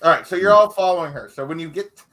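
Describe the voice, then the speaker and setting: A man's voice: on the high side, fast, a bit bright. A man narrating as game master, casual and loose, with lots of fillers. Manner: casual, filler-heavy, laughs often.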